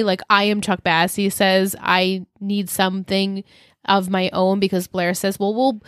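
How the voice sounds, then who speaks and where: A woman co-hosting a podcast, recapping a TV episode in casual chat and acting out the quotes in quick bursts. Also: medium pitch, a bit bright, no room sound, studio quality.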